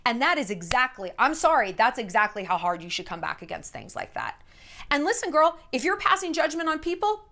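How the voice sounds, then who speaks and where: A woman's voice: high voice, moderate pace. A woman in her thirties giving blunt, sassy dating advice in a casual vlog monologue. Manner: blunt, sassy, animated storytelling.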